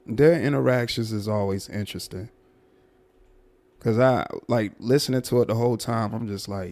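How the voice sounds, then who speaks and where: Low, gravelly man hosting a livestream. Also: fairly even intonation, darkish tone, a little hiss or hum. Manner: drawn-out, repetitive and emphatic, talking to viewers as "y'all". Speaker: livestream commentary host. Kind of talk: casual livestream commentary.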